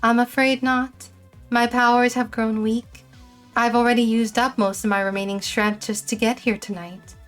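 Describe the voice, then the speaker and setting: A woman voicing a mysterious ghost mentor from a video game, speaking in a calm, measured, instructive way. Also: fairly high pitch, faint music behind, natural voice. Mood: calm guiding.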